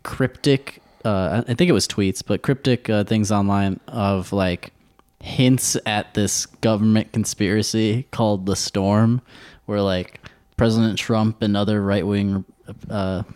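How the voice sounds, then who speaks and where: Low-voiced man, dry teasing. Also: steady tone, unhurried, darkish tone. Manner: dry teasing, explains with many fillers. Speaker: podcast co-host. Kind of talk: casual chat.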